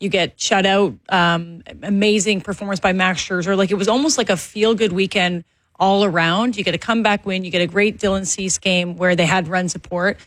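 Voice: medium pitch, fairly even intonation, a little fast, a bit bright, dry recording. Easygoing sports radio host. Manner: long, multi-part questions, easygoing. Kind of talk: casual sports radio interview.

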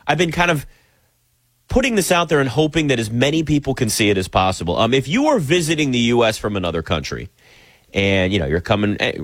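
A man from the United States hosting an opinionated sports talk segment, animated and sarcastic as he rants. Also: fairly low pitch, dry recording. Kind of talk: opinionated sports commentary monologue.

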